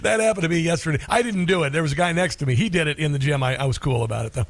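A middle-aged man hosting talk radio, telling a personal story in a halting way with many fillers and restarts. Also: on the high side, no echo. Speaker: radio talk show host.

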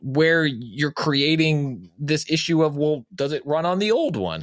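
A man's voice: a little high, big pitch swings, a little slow, few pauses, no room sound, studio quality. A man co-hosting a casual talk show, emphatic and rambling with fillers. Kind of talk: casual opinionated chat.

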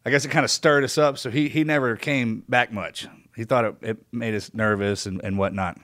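A man co-hosts a podcast and tells animated family stories, often laughing along. His voice is mid-pitched. The sound is dry and close, with no room echo. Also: fairly quick. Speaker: podcast co-host. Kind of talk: casual chat.

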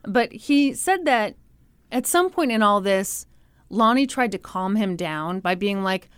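Smooth-voiced woman telling a true crime story. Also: mid-range voice, unhurried, no room sound. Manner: animated, sarcastic, acts out quotes with laughs. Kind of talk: casual storytelling chat.

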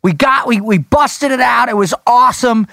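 A man hosting a podcast, telling stories in a casual, excitable way. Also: very high voice, moderate pace, vocal fry, no room sound, studio quality. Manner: excitable, animated storyteller. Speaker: podcast host. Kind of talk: casual chat and storytelling.

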